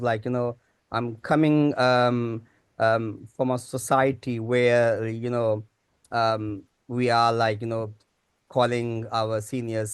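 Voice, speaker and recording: Hesitant man lecturing with a smooth voice. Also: medium pitch, no echo, clean studio sound. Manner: hesitant, many fillers and restarts. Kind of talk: conference lecture.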